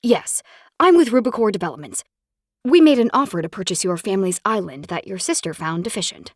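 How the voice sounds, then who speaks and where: Brief: woman narrator playing a curt male developer, formal and clipped, a touch raised in pitch. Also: animated, a little fast, no room sound, clean studio sound, close to an everyday voice. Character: terse male property developer, stiff and businesslike.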